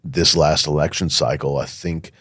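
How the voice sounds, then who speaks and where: Very deep-voiced man, emphatic podcast guest. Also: fairly even intonation, moderate pace, fairly bright tone, husky, no echo, studio quality. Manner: emphatic, insistent, with frequent fillers. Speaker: guest, firearms safety academy owner. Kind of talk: conversational podcast interview.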